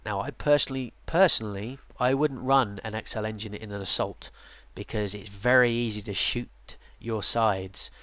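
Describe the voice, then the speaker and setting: In this casual game tutorial, a presenter with a lowish voice talks at a moderate pace with few pauses, and the recording has no echo. He sounds tired and yawns as he loosely walks through the game's units, rambling with lots of ums and false starts.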